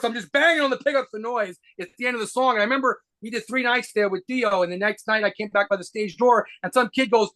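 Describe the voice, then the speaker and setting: A man telling rapid, profanity-laced stories as a guitarist being interviewed. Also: extremely high pitch, bright, forceful tone. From United States. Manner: rapid profane anecdotes with laughs. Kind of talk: fast storytelling interview.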